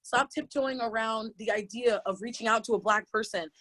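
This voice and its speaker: A woman in her late twenties, a yoga teacher speaking on a panel, talking through tears in an impassioned, halting way with many restarts. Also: fairly high pitch, a bit bright. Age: late 20s. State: crying, tearful. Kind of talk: emotional personal testimony on a panel.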